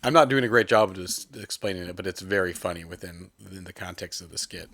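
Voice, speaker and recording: A man's voice: sits low, steady tone, quick pace, a bit bright, no room sound. A man co-hosting a podcast, talking casually and rambling with lots of restarts and fillers. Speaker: podcast co-host. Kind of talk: casual chat about movies.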